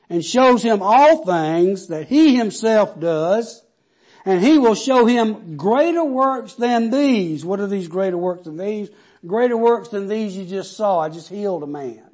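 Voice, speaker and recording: High-voiced preacher giving an emphatic sermon. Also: male voice, a little mellow. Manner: emphatic, rhetorical questions, pauses to draw out words.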